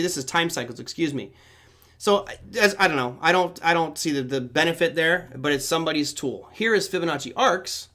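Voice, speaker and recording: A man's voice: on the high side, bright, forceful tone. A middle-aged man from Germany hosting a live trading stream, talking casually and thinking aloud as he walks through charts. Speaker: host. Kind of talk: live market analysis stream.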